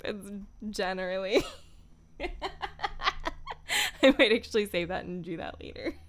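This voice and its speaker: A woman's voice: medium pitch, unhurried. A young woman streaming as a voice actor, chatting casually in a giggly, self-deprecating way into her microphone. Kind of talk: casual livestream chat.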